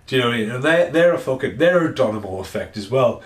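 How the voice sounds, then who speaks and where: Speaking fast and animatedly at a medium pitch, a man vlogs from indoors at home in a rambling, sweary, casual rant aimed at the camera. The recording has a roomy echo.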